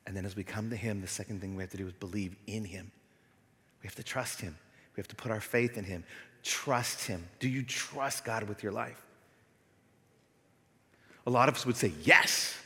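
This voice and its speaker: A middle-aged male pastor giving a sermon, moving between loud, emphatic preaching and soft, near-whispered passages. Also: on the low side. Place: church sanctuary. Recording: long hall reverb.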